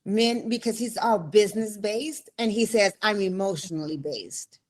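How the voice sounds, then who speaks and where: A woman's voice: mid-range voice, moderate pace, darkish tone. A woman hosting a podcast interview, enthusiastic and acting out conversations with her husband. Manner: enthusiastic, acts out quotes. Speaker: podcast host.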